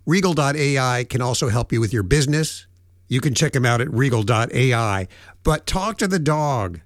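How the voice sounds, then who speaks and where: A man hosting a radio show in a jokey way, slowly repeating a plug for a website. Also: medium pitch, lively intonation, no echo, studio quality. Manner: jokey, reads the web address out slowly. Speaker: radio host.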